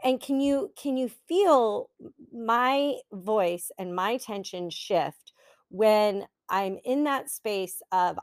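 A woman's voice: a little high, lively intonation, slow pace, dry recording, studio quality. A middle-aged woman hosting a solo podcast, talking in an earnest, encouraging and heartfelt way. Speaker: podcast host and coach. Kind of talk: reflective solo podcast talk.

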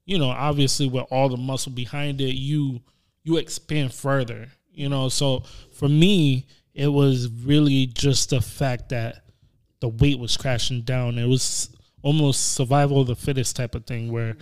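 A man in a casual podcast chat, talking in a halting way with repeated words and many fillers. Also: medium pitch, steady tone, a little mellow, clear, resonant tone. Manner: halting, repeats words, lots of "you know".

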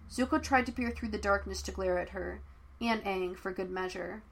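A woman's voice: medium pitch, normal speed, vocal fry. Woman reading a story aloud. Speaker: fan fiction reader. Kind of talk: audiobook narration.

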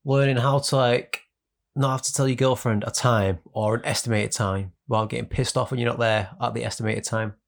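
A man's voice: mid-range voice, steady tone, brisk, gravelly. A young man co-hosting a podcast, teasing and telling stories in casual chat. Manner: teasing, storytelling. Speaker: podcast co-host.

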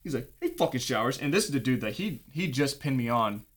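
A man's voice: mid-range voice, expressive, fast. A young man spins a rambling, profane story in a casual chat. He swears freely and slips into the voices of the people in the story. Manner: profane, rambling, acts out dialogue. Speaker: guest telling a story.

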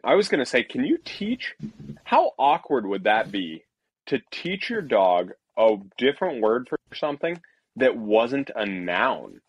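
Lively rambling podcast guy. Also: fairly low pitch, breathy edge. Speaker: podcast co-host. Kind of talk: casual chat.

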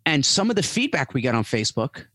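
A man guest on a podcast, talking casually and telling animated stories, acting out other people in raised voices. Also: medium pitch, fast talker, dry recording. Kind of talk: casual interview chat.

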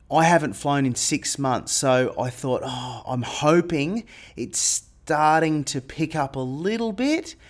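A man telling a personal story in a casual monologue, animated and getting louder when he re-enacts a tense moment. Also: medium pitch. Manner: animated retelling, rising loud when quoting panic. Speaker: airline pilot and marketer.

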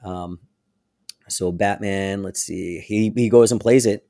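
Podcast co-host man, low-ish voice, animated retelling, dry close sound. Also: slow, no echo. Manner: animated retelling with frequent laughs. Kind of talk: casual chat.

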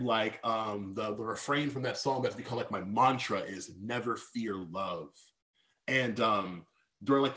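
Appearing as a guest on a podcast, a man with a medium-pitched, fairly bright voice opens up reflectively about his feelings. His speech is full of fillers and false starts.

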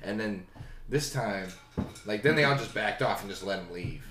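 A man's voice: fairly low pitch, animated, normal speed. A young man in his twenties co-hosting a podcast, rambling loosely with lots of "like" and "bro". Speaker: podcast co-host. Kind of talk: casual chat. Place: small home podcast studio. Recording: roomy echo.

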